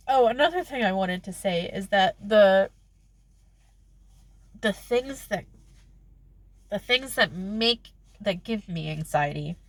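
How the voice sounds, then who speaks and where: A woman's voice: mid-range voice, no echo. A young woman vlogging casually to camera, rambling and breaking off mid-thought, acting out little exchanges and laughing often. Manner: rambling, self-interrupting, laughs often, acts out quoted exchanges. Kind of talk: casual confessional talk to camera.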